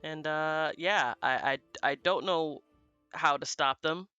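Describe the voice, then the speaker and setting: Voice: mid-range voice, takes it slowly, sharp tone, smooth, dull audio, soft background music. A player in a tabletop game, talking hesitantly with many fillers. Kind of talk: in-character tabletop play.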